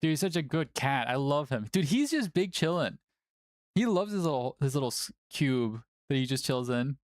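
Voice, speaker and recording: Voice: mid-range voice, sing-song, normal speed, no room sound, studio quality. A tournament stream host chatting casually and playfully, often cooing at a cat between updates. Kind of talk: casual livestream chat.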